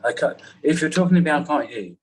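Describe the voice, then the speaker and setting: A man's voice: on the high side, lively intonation, fast talker, husky, low-quality recording. A man giving a talk to a class over a video call, chatty and apologetic, with rambling asides. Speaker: guest teacher on a video call.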